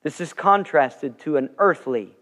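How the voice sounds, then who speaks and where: Higher-voiced male preacher in reverb. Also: lively intonation, a little slow, a bit bright. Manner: earnest storytelling preacher, swelling with emphasis. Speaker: pastor. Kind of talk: sermon. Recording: long reverb of a large sanctuary.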